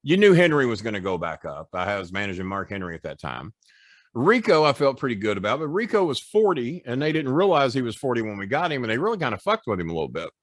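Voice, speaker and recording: A man in his sixties, a podcast guest and former wrestling manager, telling animated, profane stories and acting out the people in them. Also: mid-range voice, fast, no room sound, studio quality. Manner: animated storyteller, profane, doing voices. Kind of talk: podcast storytelling.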